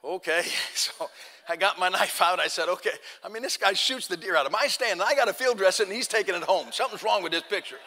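A man's voice: sits high, fast talker, bright, forceful tone. A man preaching, telling a folksy story and acting out both sides of the talk. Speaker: pastor. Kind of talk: sermon storytelling. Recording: long hall reverb.

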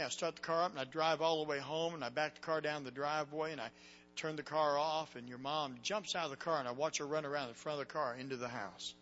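Dramatic preacher, hushed to shouting. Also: male voice, a little high, long reverb tail. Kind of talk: sermon storytelling. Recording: dull lo-fi recording with faint hum.

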